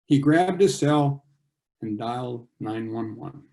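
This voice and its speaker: A man's voice: medium pitch, expressive, takes it slowly, dark tone. An older man, a thriller author, reading a passage from his novel aloud over a video call, voicing the dialogue with dramatic rises and drops.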